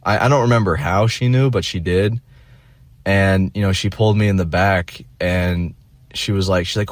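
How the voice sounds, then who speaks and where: A man's voice: sits low, fairly even intonation, moderate pace, dry recording. A young man telling a rambling, self-deprecating story in a casual vlog monologue, full of fillers and restarts.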